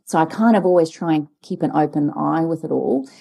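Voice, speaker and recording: Woman 40s, lowish mellow voice, chatty storytelling, acts out what people said. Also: brisk, vocal fry, husky. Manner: animated storyteller, acts out dialogue. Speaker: podcast co-host. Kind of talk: casual chat.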